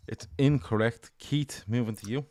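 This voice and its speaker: A man's voice: medium pitch, darkish tone, no echo. A man hosting a casual football quiz podcast, running questions and calling answers right or wrong. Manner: brisk quizmaster, reads questions and scores answers. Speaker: quiz host.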